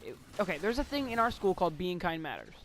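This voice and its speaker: High-voiced teen boy rambling through a story. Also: big pitch swings, quick pace, a bit bright, a little hiss or hum. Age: teens. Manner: rambling, giggly, swears casually. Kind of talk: casual story time chat.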